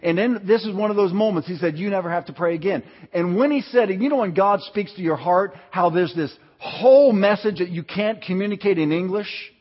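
A man's voice: high-pitched, a little fast, hardly any pauses. A pastor preaching a sermon, telling personal stories and asking his congregation questions. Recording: dull sound with long hall reverb.

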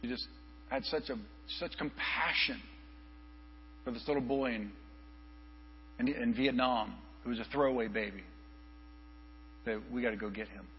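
A male pastor telling an animated story in a sermon, acting out the people he quotes. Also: mid-range voice, a little slow, long pauses. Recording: reverberant hall, dull lo-fi with mains hum.

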